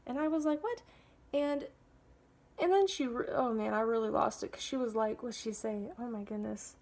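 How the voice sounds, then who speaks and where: Speaking to camera about her own life, this woman vlogger in her twenties has a fairly high, darkish voice with vocal fry and a moderate pace. She rambles bluntly and candidly, cursing freely and packing her talk with fillers, especially "like."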